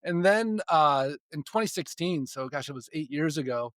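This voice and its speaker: A man in his forties, a spiritual development coach, appears as a podcast guest and shares stories from his own life in casual conversation. His slightly high, fairly bright voice is animated and moves at normal speed, with frequent restarts, repeated words, and chuckles between sentences. The recording is close and dry, with no room sound.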